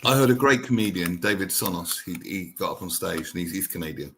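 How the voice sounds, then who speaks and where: A middle-aged man with a somewhat low voice co-hosts a relaxed talk show. He speaks in an easygoing, agreeable way, adding short asides and his own anecdotes. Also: fast talker. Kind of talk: casual chat.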